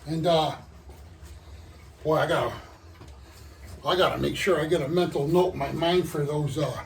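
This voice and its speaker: Breathless gravelly man muttering while working. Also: a little high, far from the mic. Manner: halting, muttering to himself, trailing off. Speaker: hobbyist vlogger. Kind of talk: casual running commentary while working. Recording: roomy, off-mic, faint background noise.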